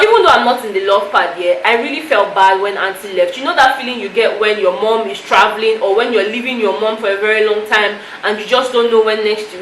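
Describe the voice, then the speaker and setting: A woman's voice: mid-range voice, fairly bright tone. A woman recapping a reality show to camera in a chatty, emotional way, full of "you know" fillers. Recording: echoey room with faint noise.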